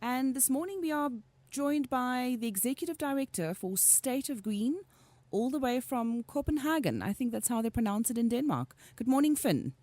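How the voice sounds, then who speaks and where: A woman's voice: sits high, lively intonation, normal speed, mellow, no room sound. A woman hosting a radio show, giving friendly scripted introductions and questions to her guest. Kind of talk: radio interview.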